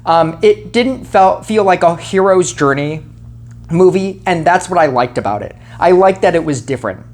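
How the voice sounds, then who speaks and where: Low-voiced woman rambling through a review. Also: expressive, normal speed, a little mellow. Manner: rambling, heavy on "like" and "you know", self-correcting. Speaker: film reviewer. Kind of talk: casual spoken film review.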